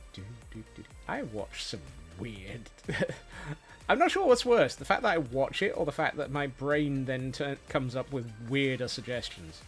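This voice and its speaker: Rambling man streaming with music behind. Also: medium pitch. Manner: rambling, playful, many fillers and restarts. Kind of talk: casual gameplay chat.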